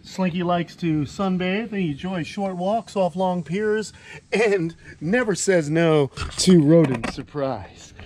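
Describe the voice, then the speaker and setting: A man's voice: high voice, takes it slowly, darkish tone, slight background noise. A man hosting a casual vlog outdoors among animal enclosures, easygoing and chatty, talking to his reptiles as he goes. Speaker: reptile keeper and channel host.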